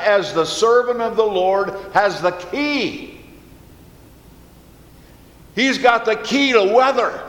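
A man preaching a sermon, earnest and slow, repeating key phrases for emphasis. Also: high voice, a bit bright. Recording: echoey hall with long reverb.

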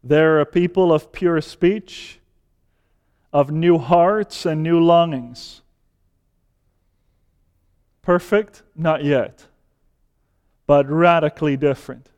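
A man preaching a sermon, speaking deliberately and building to fervent emphasis. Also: fairly high pitch, darkish tone, clear, resonant tone. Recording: long hall reverb.

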